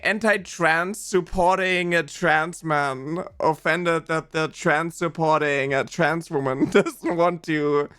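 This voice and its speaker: A streamer host in casual chat who reacts loudly and laughs often. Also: mid-range voice, steady tone, takes it slowly, hardly any pauses, clean tone.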